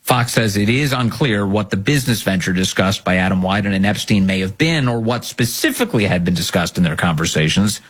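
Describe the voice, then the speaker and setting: A man's voice: fairly low pitch, animated, a little fast, hardly any pauses, breathy edge. A man hosting political commentary, reading emails and news with a sarcastic, mocking manner.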